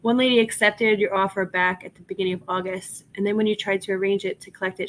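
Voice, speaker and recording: A woman's voice: on the high side, lively intonation, fairly quick, a bit bright. A woman hosting a casual reselling livestream, chatting with viewers while she lists items and laughing often. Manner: chatty, laughs often, reads chat aloud.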